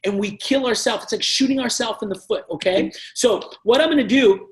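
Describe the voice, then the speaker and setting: A man's voice: extremely high pitch, fairly quick. A man leading a sales team training, talking passionately and emphatically and acting out sales conversations. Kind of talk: energetic sales training talk.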